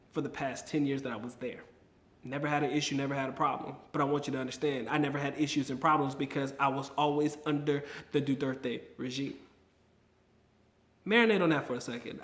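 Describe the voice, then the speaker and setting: A man vlogging casually to camera, slangy and emphatic, repeating his points for effect. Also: medium pitch. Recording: roomy echo.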